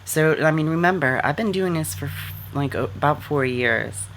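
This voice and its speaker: A woman's voice: sits low, animated, normal speed, fairly bright tone, a little hiss or hum. A woman vlogger giving casual advice into her computer camera, talking loosely with lots of "like" fillers. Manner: chatty, many "like" fillers.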